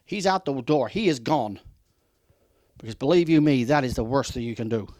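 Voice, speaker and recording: A man's voice: medium pitch, a little fast, darkish tone, no room sound, studio quality. A man giving an unscripted customer service training talk, with emphatic, repeated warnings and acted-out customer dialogue. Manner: acts out customer dialogue in quotes.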